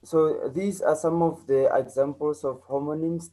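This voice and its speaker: South African male English teacher, mellow voice, higher than most men, repeats points for learners. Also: fairly even intonation, a little slow, poor audio. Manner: repeats key points, checks in with "okay?" and "right?". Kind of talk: online lesson.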